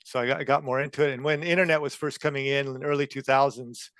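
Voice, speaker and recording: Guy in his 50s from california, smooth clear voice, dry sound, measured answers. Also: mid-range voice, fairly even intonation, fairly bright tone, no room sound. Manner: measured, with frequent uh fillers. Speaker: guest, copywriter. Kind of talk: interview answers.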